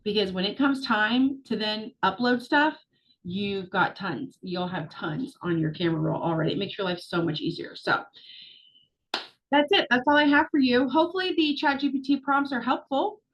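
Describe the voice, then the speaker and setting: A woman's voice: fairly high pitch, moderate pace, a bit bright, highs cut off, a little hiss or hum. A middle-aged woman coaching her group on a video call, talking in a chatty, upbeat way with plenty of fillers. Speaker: social media business coach.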